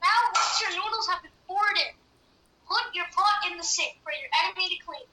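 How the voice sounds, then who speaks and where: A young woman playing a boy chef who hosts a mock cooking show, giving cheerful step-by-step instructions with deadpan dark jokes. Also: extremely high pitch, fairly quick, heavily acted, rough recording. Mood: cheery instructive. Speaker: chef in a comic cooking tutorial.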